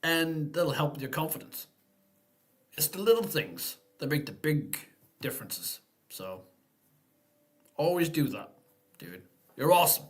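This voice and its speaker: A man's voice: a little high, a bit bright. A man hosting a casual live-stream Q&A, talking in an easygoing, rambling way and thinking aloud.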